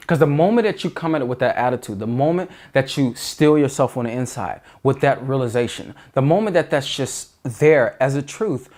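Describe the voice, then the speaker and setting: Man, dating coach, somewhat high-pitched, emphatic, earnest advice monologue. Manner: earnest, emphatic, restarts mid-sentence.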